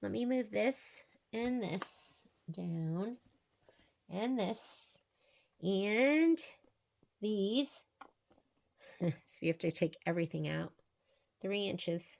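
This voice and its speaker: Speaking extremely slowly with long pauses, she has a mid-range, creaky voice that's darkish in tone yet lively in intonation. As a sewing instructor giving a quilting tutorial, she chats and thinks aloud through each step of the work.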